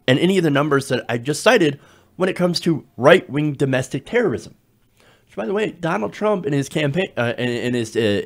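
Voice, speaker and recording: A man giving emphatic political commentary, repeating key words for effect. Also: on the high side.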